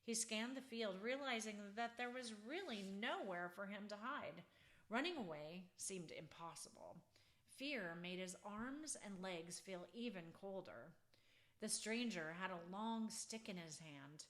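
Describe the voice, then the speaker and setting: Unhurried woman reading a storybook. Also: mid-range voice, expressive, fairly bright tone. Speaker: children's book author reading her book. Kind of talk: storybook read-aloud.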